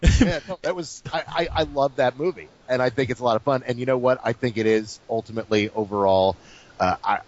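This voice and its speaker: A man co-hosting a casual podcast, talking about movies in an opinionated way, swearing freely and pausing on "uh" while he hunts for words. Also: medium pitch, a little mellow. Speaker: podcast co-host. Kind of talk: casual chat. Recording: dull lo-fi dry podcast audio.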